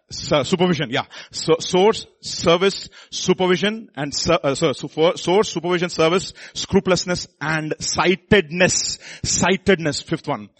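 A man preaching a sermon, swinging between quiet asides and loud exhortation and calling the congregation to repeat after him. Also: fairly high pitch, slightly rough, dry recording. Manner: calls the congregation to repeat lines.

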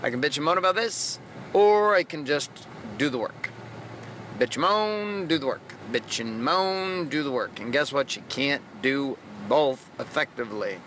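A man's voice: mid-range voice, normal speed, a bit bright, a little hiss or hum. A man hosting a motivational podcast, talking bluntly and profanely in a fired-up monologue. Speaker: podcast host.

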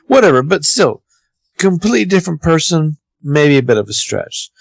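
Lively gravelly man recapping a show. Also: a little high, moderate pace, no echo. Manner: animated, talks with many fillers. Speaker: podcast co-host. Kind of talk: casual recap chat.

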